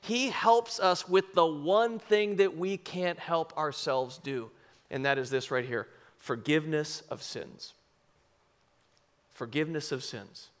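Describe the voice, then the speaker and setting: A man preaching a sermon to a congregation, telling a personal story with lively acted-out quotes and sudden shouts. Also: on the high side, slow. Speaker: pastor. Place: church service before a congregation.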